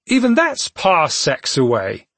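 Guy doing a high swoopy lord voice, kinda husky, storybook reading. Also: huge pitch swings, takes it slowly, fairly bright tone, no room sound, exaggerated voice. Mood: matter-of-fact.

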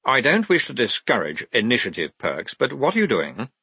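A man's voice: mid-range voice, wildly swooping pitch, normal speed, vocal fry, sharp tone, husky, dry recording, exaggerated voice. A man reading an audiobook, voicing a flustered male officer disguised as a woman, who talks in a quavering, fussy way. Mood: officious.

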